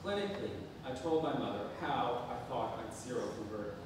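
Guy reading his memoir deadpan at a gallery, far from the mic, noisy echoey room. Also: mid-range voice, moderate pace, hardly any pauses. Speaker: reader at a spoken-word event. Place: art gallery.

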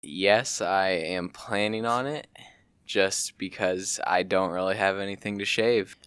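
A man's voice: low voice, a little slow, a bit bright, smooth, no room sound. A teenage boy chatting as a podcast guest in an easygoing, matter-of-fact way. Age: teens. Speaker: guest, football player. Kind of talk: casual chat.

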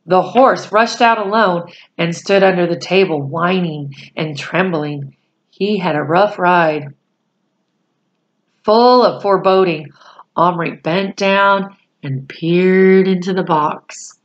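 A woman's voice: fairly low pitch, slow, highs cut off. A woman reading a children's novel aloud, who corrects small slips and stops to explain words. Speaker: storyteller.

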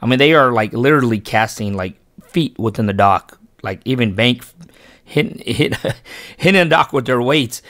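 A man with a medium-pitched voice tells a fishing story in a loose, rambling way, restarting sentences and correcting himself as he goes. He sounds earnest and turns emphatic when he talks about his son. The recording is dry and close, with almost no room sound. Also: expressive, normal speed, fairly bright tone, no room sound. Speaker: fishing channel host and father. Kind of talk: casual storytelling vlog narration.

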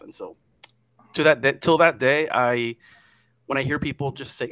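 Male guest, casual storyteller, lively then hushed, dry mic sound. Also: mid-range voice, moderate pace, long pauses, dry recording. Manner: animated, drops to hushed tones at scary parts. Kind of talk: casual chat, telling a ghost story.

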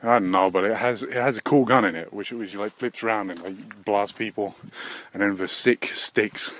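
A man talking on his own podcast, wandering from thought to thought in a loose, profane ramble. His delivery stays deadpan, steady and unhurried, with fillers scattered through his sentences. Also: on the low side. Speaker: podcast host. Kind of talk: rambling solo comedy podcast.

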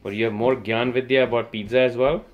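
A man's voice: medium pitch, steady tone, fast, muffled recording. A man in casual kitchen banter, playful and bossy as he teases his friend while cooking. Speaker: home cook vlogger. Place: home kitchen.

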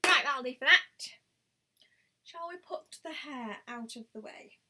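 A woman's voice: high-pitched, animated, a little slow, bright, forceful tone. A young woman chatting casually on a live stream as a beauty vlogger, thinking aloud and exclaiming often. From United Kingdom.

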